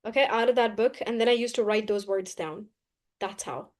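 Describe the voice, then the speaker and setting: A woman teaching a live online class, brisk and coaxing, often repeating key phrases. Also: medium pitch. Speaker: English teacher.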